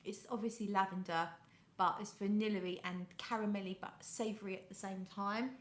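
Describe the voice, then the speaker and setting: A woman's voice: mid-range voice, steady tone, moderate pace, reverberant, a little hiss or hum. A British woman hosting a casual fragrance live stream, greeting viewers by name and reading out their comments. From United Kingdom. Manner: coos softly when talking to her cat. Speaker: fragrance livestream host. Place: home room.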